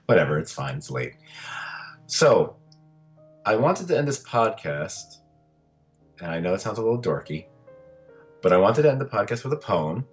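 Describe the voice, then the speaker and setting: Podcast host, male, deep and unhurried, loose and rambling, slightly muffled recording. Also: sing-song, faint music behind. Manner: rambling, laid-back, with restarts. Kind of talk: casual podcast chat.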